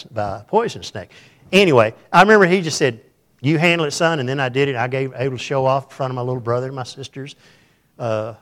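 A man preaching in a church, spinning a humorous personal story. His delivery is folksy and animated. His pitch sits in the middle for a man. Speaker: pastor. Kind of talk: storytelling sermon.

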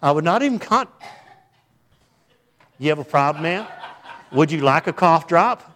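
A man preaching a sermon as pastor, animated, breaking into quoted voices and joking asides. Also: a little high, normal speed, slight background noise.

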